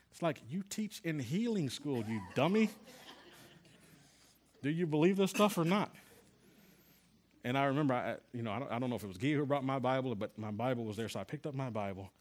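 Earnest middle-aged man telling a testimony. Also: medium pitch. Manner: earnest storytelling with repeated restarts. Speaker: Bible class teacher. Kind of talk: sermon-style testimony.

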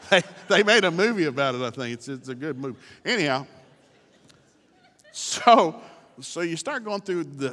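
A man's voice: medium pitch, fairly bright tone, big-room sound. A man preaching as a guest speaker, telling the story with folksy humor. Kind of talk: sermon.

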